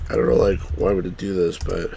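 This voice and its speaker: A man's voice: low-pitched, quick pace, vocal fry, dark tone, slight background noise. A man streaming a text adventure, talking hesitantly and grumbling about the puzzles. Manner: hesitant, many fillers and restarts, frustrated at the game. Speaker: streamer playing the game. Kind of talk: casual let's play commentary.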